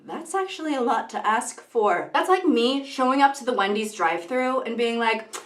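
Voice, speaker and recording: A woman's voice: on the high side, expressive, moderate pace, fairly bright tone. A young woman vlogging in casual, rambling commentary, often breaking off into tangents and giggling. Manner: rambling, self-interrupting, giggly. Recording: echoey room.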